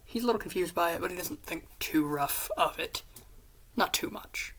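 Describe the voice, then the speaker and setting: A woman casually retelling an episode pitch, rambling with quick asides and swearing, in a whispery, gravelly voice. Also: low-quality recording. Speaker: fan pitch presenter.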